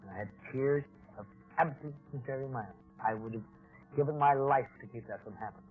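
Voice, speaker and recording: A man giving an earnest personal talk about alcoholism to an audience, deliberate with wry asides. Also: medium pitch, soft background music. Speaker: speaker at a recovery talk. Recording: tinny old phone-like recording.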